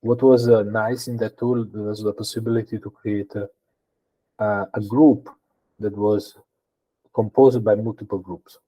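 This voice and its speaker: A man's voice: fairly low pitch, flat delivery, unhurried, warm tone, rough recording. A man answering as a guest in a podcast interview, explaining things conversationally and thinking aloud with frequent fillers and restarts. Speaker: guest data engineer.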